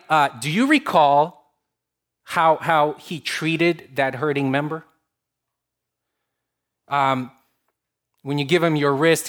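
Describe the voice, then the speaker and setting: A man preaching a sermon to his congregation, earnest and warm in delivery, swinging between emphatic rises and soft, drawn-out lines. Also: fairly high pitch. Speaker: pastor.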